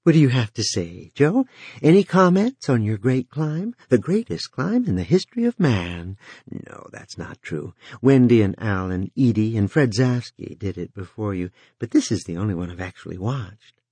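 A man's voice: on the low side, sing-song, moderate pace, dark tone, husky, no room sound. A man voicing a sly, coolly cruel female entity who taunts with false cheer. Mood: mocking.

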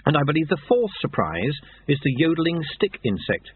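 A man's voice: fairly high pitch, big pitch swings, fairly quick, slightly rough, pitched above the performer's own voice. An earnest, anxious young novice monk, as a man puts him on in a storybook reading. His raised voice comes out eager and flustered, full of questions. Everything sounds thin and tinny, like a phone line.

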